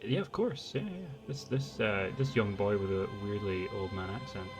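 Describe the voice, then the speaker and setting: A man's voice: on the low side, lively intonation, normal speed, faint music behind. A man playing in a tabletop game, talking hesitantly with repeats and fillers. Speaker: player. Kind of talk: casual tabletop game chat.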